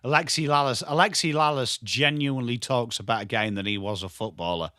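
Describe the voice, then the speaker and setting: Bright-voiced English man calling football live. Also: medium pitch, a little fast, no room sound, studio quality. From England. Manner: chatty and jokey, greets viewers by name. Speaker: watchalong streamer. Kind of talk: live football watchalong commentary.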